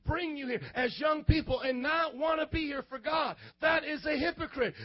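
A young youth pastor with a very high, light voice preaches to a church youth group. He is animated and slangy, acting out the voices of the people in his examples and often rising to a shout. The recording sounds muffled and lo-fi. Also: no echo. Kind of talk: youth sermon.

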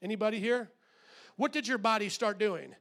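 A middle-aged man with a notably high voice preaches a sermon in a church. He drops to a hushed, low delivery and then builds to loud, shouted exhortation. He questions the congregation directly. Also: normal speed. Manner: acts out quoted voices, asks the congregation questions. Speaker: pastor.

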